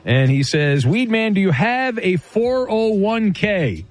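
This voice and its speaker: A man hosting a radio talk show, brisk and wisecracking as he reads out listener questions. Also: high voice, big pitch swings, faint music behind.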